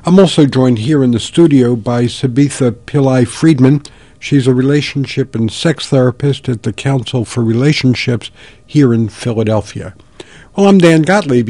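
A man hosting a public radio talk show, introducing guests and telling a story in a calm, measured way. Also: mid-range voice, no room sound.

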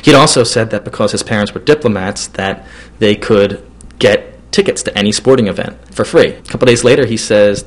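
A man's voice: fairly low pitch, a little fast. A man telling a personal story in a loose, casual way, with many fillers and restarts.

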